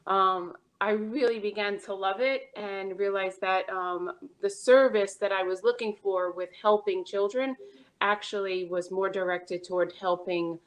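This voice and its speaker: A woman's voice: mid-range voice, fairly even intonation, a little slow. A woman with a New York accent, a real estate agent chatting as a podcast guest in an upbeat, casual way. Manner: chatty and upbeat, with short laughs. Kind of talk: casual interview chat.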